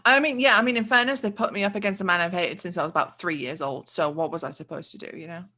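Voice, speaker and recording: A woman's voice: fairly low pitch, fast, pushed and bright. A woman doing a blunt former pit fighter. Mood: gruff. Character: gruff male ex pit fighter.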